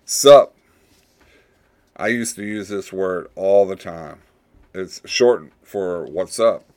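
Slow, low-voiced male podcast host. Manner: rambling, with sudden loud playful slang voices. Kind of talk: casual podcast monologue.

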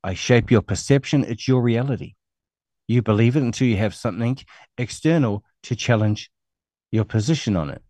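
A man's voice: medium pitch, moderate pace, warm tone, dry recording. A middle-aged man with a New Zealand accent hosts an online show, ranting angrily and scornfully with a lot of swearing. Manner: angry, scornful, profane ranting. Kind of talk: ranting monologue.

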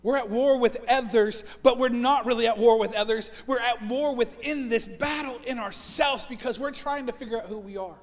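A man's voice: very high voice, normal speed, few pauses. A man in his forties preaching a sermon as pastor, earnest and often repeating words as he builds a point. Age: 40s. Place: church sanctuary. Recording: long church reverb.

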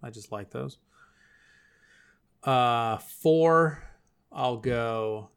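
A man with an ordinary middle-pitched voice co-hosts a live stream in easygoing chat. He rambles, trails off and picks his thread back up. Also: very slow, clean tone. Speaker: podcast co-host.

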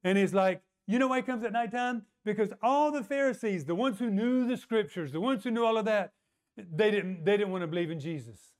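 Middle-aged man preaching, a high voice, lively and storytelling. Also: brisk. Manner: animated storytelling, acts out the voices of the people he quotes. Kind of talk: sermon.

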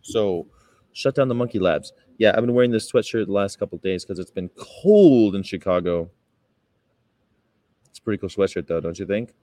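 With a mellow voice, lively intonation and a moderate pace, a vegan activist in Chicago chats on his livestream, wandering between topics, laughing often and reading aloud. Quoted politeness comes out in a mock-sweet high voice, and the recording has no echo.

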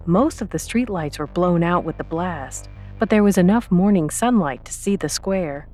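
A woman narrating an audiobook in a calm, steady reading voice. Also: fairly low pitch, normal speed, faint music behind.

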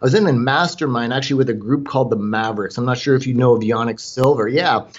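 A Canadian man talks through his background in a loose, conversational way, with plenty of "you know" and restarts. His pitch sits in the middle range. The audio sounds a little dull and lo-fi. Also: fast, breathy edge. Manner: talkative, with frequent fillers and restarts. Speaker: guest entrepreneur. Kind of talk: conversational storytelling.

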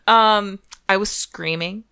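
A woman's voice: medium pitch, slow pace, clean tone. A woman co-hosting a podcast in casual, giggly chat. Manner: giggly, animated, gushing. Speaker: podcast co-host.

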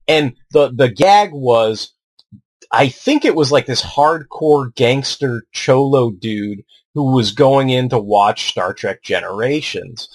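A man's voice: medium pitch, slow pace, no room sound. Rambling, swearing man on a podcast. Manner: rambling, stammering, swears freely, heavy filler words. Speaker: podcast co-host. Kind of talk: casual podcast chat.

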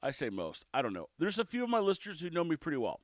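Male solo podcaster, casual and cheeky, lively swinging delivery. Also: on the high side, quick pace, no room sound, clean studio sound. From South Texas. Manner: chatty, cheeky, animated storytelling. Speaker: podcast host.

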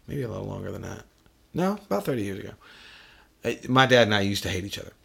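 Gravelly-voiced blunt man hosting a podcast. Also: on the low side, lively intonation, fast talker, a bit bright. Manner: blunt, profane, storytelling. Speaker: podcast host. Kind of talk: casual chat.

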